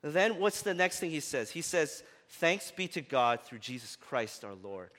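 A man preaching in a church with a fairly high voice that lifts and gets louder to drive points home. His talk is loose and chatty, full of "right?" and "like". The sound carries a long hall reverb. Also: moderate pace. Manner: animated, often rising in pitch and loudness for emphasis; conversational with fillers like "right?" and "like". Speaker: pastor. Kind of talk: sermon.

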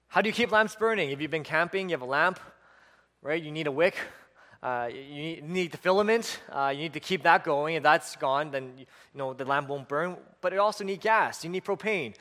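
A man's voice: a little high, sharp tone, big-room sound. A male pastor preaching a sermon, emphatic, building on repeated lists and breaking into chuckles.

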